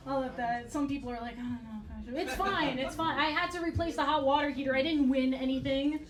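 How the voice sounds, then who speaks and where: A woman doing a stand-up comedy set with a dry, blunt, profane deadpan delivery. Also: high-pitched, a little fast, a crowd in the background. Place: comedy club stage. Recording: roomy club sound from far off. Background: audience laughter.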